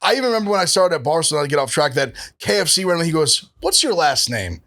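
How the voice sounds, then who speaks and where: A man's voice: a little high, expressive, racing, fairly bright tone. A young man chatting casually as a podcast guest, rambling with many fillers and restarts. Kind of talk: casual food chat.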